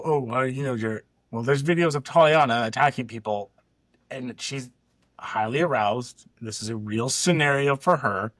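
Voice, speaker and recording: A man gives heated, blunt commentary as a dog trainer reacting to clips. His voice is mid-pitched. The recording is close and dry. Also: fairly bright tone, no room sound.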